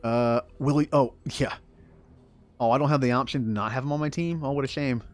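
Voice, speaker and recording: A man's voice: medium pitch, brisk, soft background music. A man from the southern United States giving casual gameplay commentary, chatty and rambling, laughing often. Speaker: gaming streamer.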